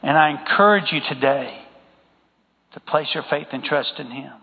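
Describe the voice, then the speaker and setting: A man's voice: a little high, normal speed, creaky. A male pastor preaching a sermon and calling out to the congregation. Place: church sanctuary. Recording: tinny phone-like sound with long hall reverb.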